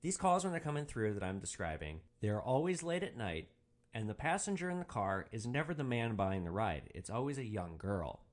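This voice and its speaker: A man hosting a podcast, telling a story about his rideshare driving in a casual, animated way and swearing freely. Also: lowish voice, normal speed. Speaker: podcast host, rideshare driver.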